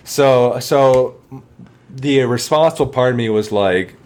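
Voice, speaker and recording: A man's voice: mid-range voice, slow, darkish tone. A man telling an army story in casual talk, rambling, swearing heavily and laughing along.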